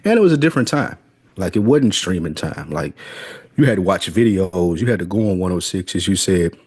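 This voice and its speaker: A man with a low, husky voice hosts a casual podcast chat. He talks in a laid-back way, steers the topics and laughs easily. The sound is dry and close on a studio mic. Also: lively intonation, brisk, darkish tone, no echo. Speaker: podcast co-host.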